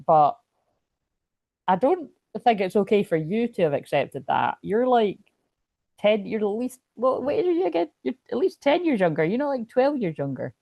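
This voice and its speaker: A woman's voice: mid-range voice, big pitch swings, normal speed, a little mellow, no room sound. A woman hosting a spiritual astrology livestream, rambling and chatty as she reads viewer comments. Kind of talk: casual livestream chat.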